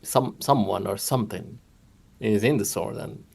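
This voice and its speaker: A man's voice: on the low side, moderate pace, vocal fry, darkish tone, husky. A man playing his character in a tabletop game, speaking hesitantly with fillers and restarts. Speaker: player. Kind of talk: in-character role-play.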